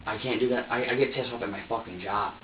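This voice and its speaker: A man's voice: mid-range voice, steady tone, quick pace, recorded from a distance. A young man in a police interview room, pouring out an agitated, profanity-laced confession full of stammers and repeated phrases. He sits away from the microphone, so his voice echoes and sounds dull and lo-fi, with faint ambient noise underneath. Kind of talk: emotional confession.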